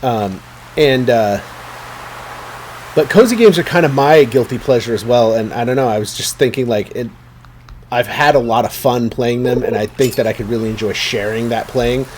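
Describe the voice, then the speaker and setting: A man's voice: mid-range voice, normal speed, a little mellow, a little hiss or hum. A man chatting casually while streaming a game, rambling and talking to his viewers. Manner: rambling, chatty, many fillers and restarts.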